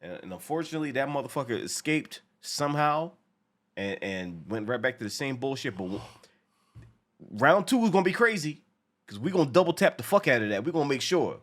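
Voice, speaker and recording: A man co-hosting a casual show reaction, talking in a profane, animated way and acting out lines from the episode. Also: mid-range voice, brisk.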